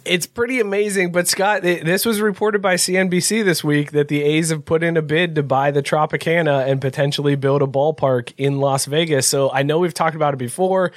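A man's voice: on the high side, fairly even intonation, fairly quick, hardly any pauses, no echo, studio quality. A man hosting a casual sports chat, chatty and steering the topics with easy laughs. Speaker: host.

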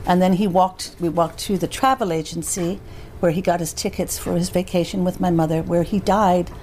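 An older woman from the United States speaks as an interview guest, telling anecdotes with lively shifts into the voices of people she remembers. Her delivery is conversational and expressive. A faint hiss of background noise sits under the recording. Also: fairly low pitch, normal speed. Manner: animated, anecdotal, acts out quoted voices. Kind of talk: conversational storytelling.

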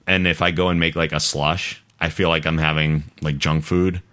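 A man's voice: extremely low pitch, level tone, moderate pace, sharp tone. A man hosting a podcast, chatting casually and rambling a bit, laughing often. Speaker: podcast host. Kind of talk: casual chat.

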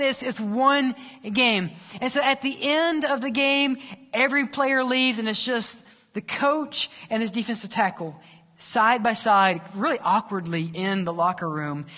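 A male pastor preaching and telling a story, dramatic, dropping soft and low for quoted lines. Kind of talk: sermon storytelling. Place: church sanctuary. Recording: long church reverb.

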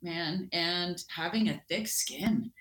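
Canadian female guest; lively anecdotes with voiced quotes, medium pitch, roomy echo around the voice. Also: takes it slowly. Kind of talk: casual interview storytelling.

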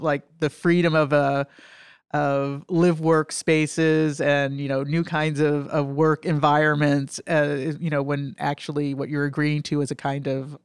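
A woman, a film critic and guest, talking over a film in a thoughtful, halting way with many fillers, her voice nasal from allergies. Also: low-pitched, clean tone, dry recording, studio quality. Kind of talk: conversational film discussion.

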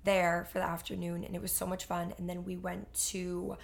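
A woman co-hosts a podcast and tells a story in a chatty, animated way. She fills her sentences with casual fillers and keeps the flow easy. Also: on the low side, moderate pace, gravelly. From Boston area. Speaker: podcast co-host. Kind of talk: casual chat.

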